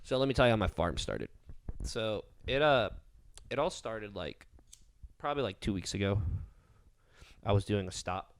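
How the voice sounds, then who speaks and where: A man's voice: lowish voice, very animated, moderate pace, pauses often. A man, co-hosting a podcast in a loose, profane storytelling way. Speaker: podcast co-host. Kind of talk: casual podcast chat.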